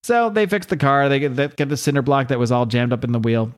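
A man's voice: medium pitch, quick pace. A man hosting a podcast, casually retelling a story with lots of restarts. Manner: rambling with frequent restarts and fillers. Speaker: podcast host.

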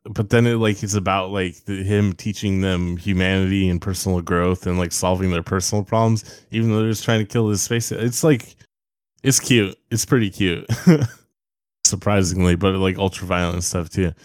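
A man's voice: low voice, moderate pace, darkish tone, dry recording, studio quality. A man in casual chat, rambling loosely through a movie review with lots of filler words and the odd curse. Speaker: podcast co-host reviewing a movie.

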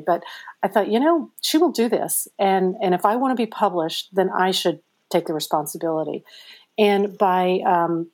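A middle-aged woman, an author being interviewed, telling her story in a chatty, animated way with many fillers. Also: lowish voice. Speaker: author guest. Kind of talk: conversational interview answers.

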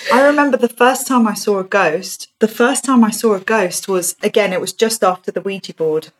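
Woman, mid-pitched, earnest and thoughtful in casual chat. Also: a little fast, poor audio. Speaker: podcast co-host.

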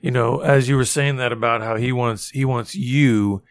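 A man's voice: mid-range voice, steady tone, moderate pace, no echo. A man co-hosting a faith podcast, reflectively retelling a scene in a casual conversation. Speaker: podcast co-host.

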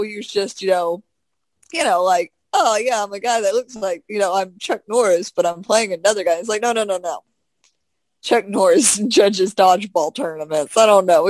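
A woman in casual chat, animated and full of laughter and filler words. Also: mid-range voice, no echo. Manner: animated, laughs a lot, many filler likes. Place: home.

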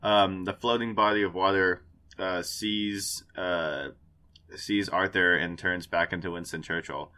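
Bright-voiced man running a tabletop game. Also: sits low, steady tone, a little slow. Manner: rambling, laughing, full of fillers. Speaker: game master.

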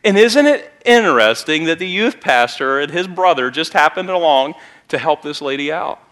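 A youth pastor with a bright, forceful voice that sits a little higher than most men's. He delivers a sermon in a church, chatting through a story and then lifting into emphatic bursts. His speech carries a Midwestern American accent. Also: expressive, moderate pace. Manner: conversational storytelling with sudden emphatic rises. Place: church sanctuary.

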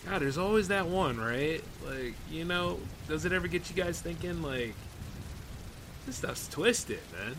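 Male podcast host, a bit high-pitched, reads horror tales and riffs between them in a loose, laid-back way. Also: lively intonation, unhurried, fairly bright tone, slight background noise, rough recording. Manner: loose, conversational asides full of 'like' and 'man'. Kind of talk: reading horror stories aloud with casual commentary.

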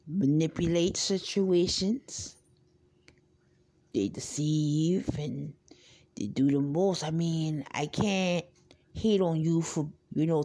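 A woman with a deep, dark-toned voice hosts a podcast, talking directly to listeners in a casual monologue. She is blunt, outspoken, and rambling, and she swears freely.

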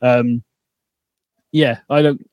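A man co-hosting a podcast, chatting casually and excitably, swearing and laughing as he goes. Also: mid-range voice, very slow, no room sound. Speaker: podcast co-host. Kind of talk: casual recap chat.

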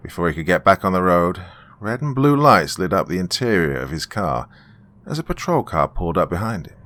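Deep-voiced man narrating a horror story. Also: very animated, brisk, fairly bright tone.

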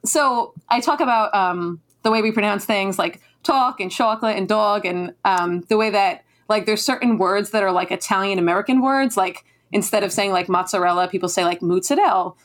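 New Jersey-accented woman, guest author, rapid chatty delivery full of "like"s, mid pitch. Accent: northern New Jersey. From northern New Jersey, US. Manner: chatty, many fillers and "like"s. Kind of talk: casual conversational interview.

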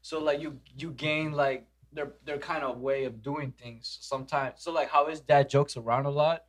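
Young man, slightly higher voice, easygoing friend in casual chat. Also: moderate pace. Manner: relaxed, chiming in with reactions.

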